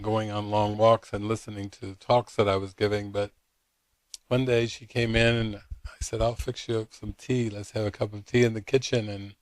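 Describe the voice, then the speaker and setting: A man's voice: fairly low pitch, dry recording. A man who is a spiritual teacher, telling a story at a retreat in a rambling, anecdotal way full of fillers. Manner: anecdotal, retells dialogue with many fillers.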